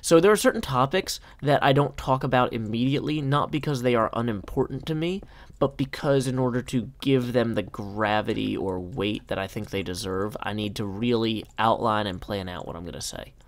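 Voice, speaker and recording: A man's voice: medium pitch, moderate pace. A man from Nashville chatting casually on a live stream, reading out viewer comments with a self-deprecating, talkative manner. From Nashville, USA. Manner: chatty, self-deprecating, reads chat aloud.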